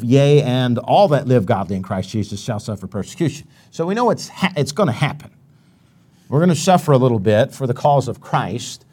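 A man's voice: medium pitch, darkish tone. Man preaching a conversational sermon. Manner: conversational preaching with many restarts, quoting Bible verses.

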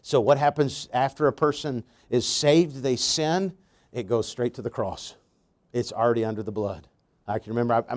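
A pastor preaching a sermon with slow, emphatic stresses and storytelling asides, a man. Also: medium pitch, darkish tone.

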